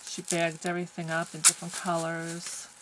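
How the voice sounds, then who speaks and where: A woman's voice: on the low side, completely flat delivery, moderate pace, background noise. A woman from the United States opening a package on camera, gushing with lots of exclamations. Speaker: crafting vlogger. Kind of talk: casual unboxing chat.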